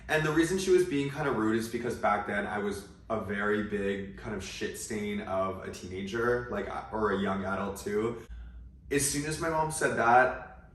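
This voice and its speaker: Speaking at a moderate pace, this young man has a lowish, somewhat bright voice picked up by a distant mic in a roomy space. He's a vlogger recounting something personal, chatty and loaded with likes and asides.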